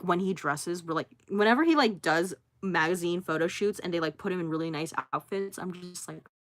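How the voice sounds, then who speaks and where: Bright young woman chatting on a livestream. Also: fairly low pitch, no echo. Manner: reads out chat names and answers each briefly, with laughs and fillers. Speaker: livestream host. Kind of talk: casual livestream chat reading viewer comments. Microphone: phone.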